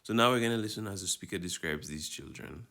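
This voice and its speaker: A man's voice: low-pitched, fast talker, creaky, bright, forceful tone. A man teaching a Spanish lesson, explaining patiently and checking in with his students as he goes. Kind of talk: recorded lesson walkthrough.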